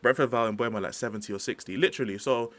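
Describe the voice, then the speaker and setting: A man's voice: mid-range voice, rapid-fire. Slangy young man ranting on stream. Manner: chatty, slangy, rambling, animated. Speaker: livestream host. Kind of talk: casual livestream football rant.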